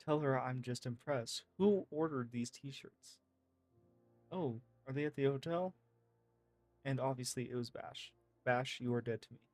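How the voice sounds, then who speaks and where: A man reading game text messages aloud in a casual, lively way, swearing freely. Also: mid-range voice, measured pace, dry recording, soft background music. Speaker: gaming streamer.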